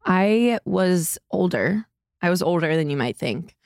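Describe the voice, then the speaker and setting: A young woman co-hosting a podcast in casual chat, playful and quick to laugh. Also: lowish voice, expressive, a little mellow, no room sound, studio quality. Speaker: podcast co-host.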